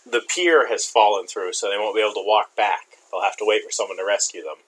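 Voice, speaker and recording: A man in casual chat, calmly explaining things with a wry, laid-back manner. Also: lowish voice, fast, noisy background.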